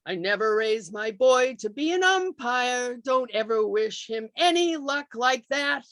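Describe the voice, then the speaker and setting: A woman voicing a proud, tearful old-fashioned mother in a slow, dramatic poem reading over a video call. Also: on the high side, lively intonation, fairly bright tone, dry recording, studio quality. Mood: indignant, tearful. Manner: slow, declaiming.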